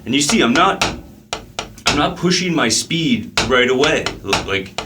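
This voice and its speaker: A man teaching a drum lesson in a relaxed way, counting the beats out loud as he plays. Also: mid-range voice, measured pace, very noisy. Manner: counts beats aloud while playing, casual with fillers. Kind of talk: relaxed instructional talk.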